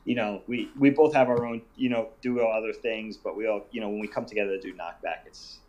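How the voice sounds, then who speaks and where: A man in his forties, a podcast guest, talking in an animated, enthusiastic casual chat. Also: on the low side, a little fast, rough recording.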